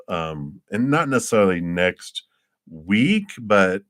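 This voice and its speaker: Low-voiced man giving chatty tarot readings. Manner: chatty, laughs often, acts out quoted voices. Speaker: tarot reader. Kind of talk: live-streamed tarot readings.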